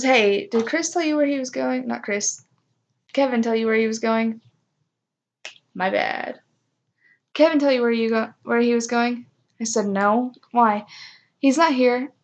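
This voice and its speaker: Young woman vlogger, highish voice, chatty storyteller, lo-fi sound. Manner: chatty, self-mocking, acts out quoted voices. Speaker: vlogger telling a personal story. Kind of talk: casual storytime chat.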